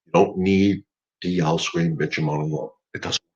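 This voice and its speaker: A man's voice: low-pitched, fairly even intonation, normal speed, darkish tone, slightly rough. Emphatic man coaching, lo-fi sound. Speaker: dog trainer hosting a live Q&A. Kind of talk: casual live-stream talk.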